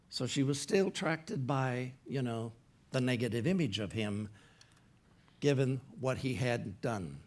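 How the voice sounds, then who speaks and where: A man's voice: mid-range voice, expressive, a little slow. Guy preaching a sermon, just talking it through like a story, regular mid voice. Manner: conversational, retells a story with quoted dialogue. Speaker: pastor. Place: church platform.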